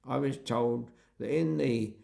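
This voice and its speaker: An older man playing a polite, deferential country constable who speaks slowly and formally in a rustic way. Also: medium pitch, vocal fry, mellow. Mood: regretful.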